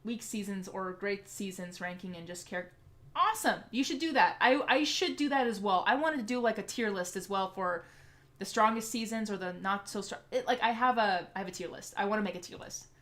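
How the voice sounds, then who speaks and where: A woman's voice: medium pitch, a little fast. A woman hosting a casual livestream Q&A, chatty and eager as she answers viewer comments aloud. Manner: eager and excitable. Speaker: livestream host.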